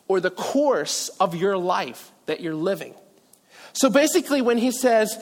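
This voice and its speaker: A man from Virginia preaching a sermon as pastor, animated and self-deprecating, with asides and restarts. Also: high-pitched, moderate pace. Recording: long hall reverb.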